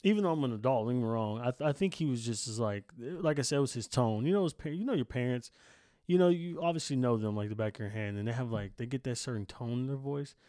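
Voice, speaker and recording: A man's voice: mid-range voice, fast, warm tone, dry recording, clean studio sound. A young man hosting his own podcast in casual, rambling chat, slangy and candid. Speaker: podcast host. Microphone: camera setup with a close mic.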